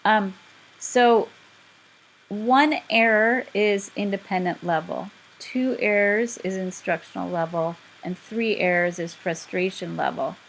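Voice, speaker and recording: A woman's voice: mid-range voice, slow pace, vocal fry, rough recording. A woman teaching a class, explaining step by step in a patient, direct way. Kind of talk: instructional lecture.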